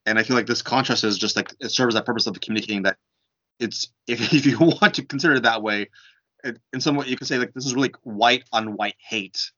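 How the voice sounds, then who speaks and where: A man in a casual book discussion, explaining his views in an animated way, with lots of "like". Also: medium pitch, fast. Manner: animated, filler-heavy explaining. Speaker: discussion participant. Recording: dull lo-fi sound.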